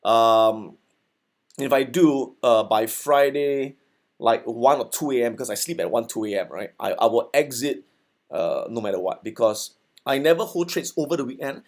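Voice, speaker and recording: A man's voice: medium pitch, moderate pace. A man teaching a recorded trading lesson in a conversational way, often checking in with okay and giving his own examples. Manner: conversational, repeats okay and uh, gives personal examples. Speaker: trading instructor.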